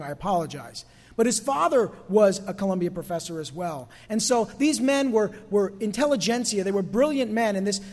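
A man preaching a conversational sermon as pastor, dropping quiet for emphasis and rising for asides. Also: sits high, in a large hall. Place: church sanctuary.

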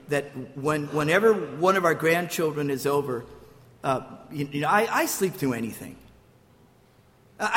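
A man's voice: a little high, a bit bright, in a large hall. An older man preaching a sermon, telling stories with restarts and acting out quotes. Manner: storytelling with restarts, acts out quotes. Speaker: pastor.

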